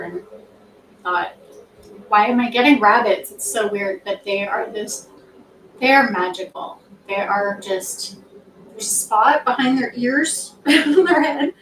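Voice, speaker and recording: A middle-aged woman from Canada, chatting casually and rambling softly with fillers between study sessions. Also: medium pitch, distant mic, slight background noise. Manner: soft, rambling storytelling with many fillers. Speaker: nursing grad student, study-with-me host. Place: home room. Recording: roomy, from off the mic.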